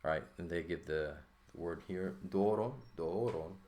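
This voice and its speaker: A man's voice: extremely low pitch, little pitch movement, moderate pace. A man teaching a lesson, explaining step by step at a board and often checking in with the listener. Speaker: Greek teacher.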